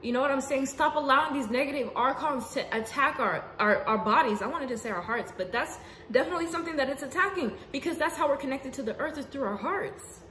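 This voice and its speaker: A woman giving an unscripted spiritual monologue to her viewers, casual and profane, swinging between emphatic outbursts and hushed asides. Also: high voice, lively intonation, fast talker. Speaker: spiritual vlogger. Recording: roomy echo with faint background noise.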